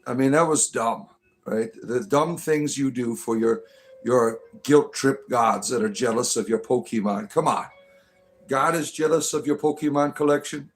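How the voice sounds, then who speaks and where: A man hosting a casual livestream, greeting viewers in a rambling, chatty way, often tagging on "right?" and swearing casually. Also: mid-range voice. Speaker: livestream host, self-styled bard.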